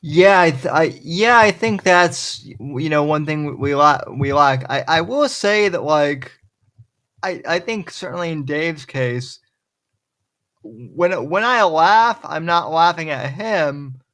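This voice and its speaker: Slow, hesitant man agreeing along. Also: fairly high pitch, lively intonation, a bit bright. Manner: hesitant, agreeable, many restarts. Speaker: podcast host. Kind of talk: casual podcast discussion.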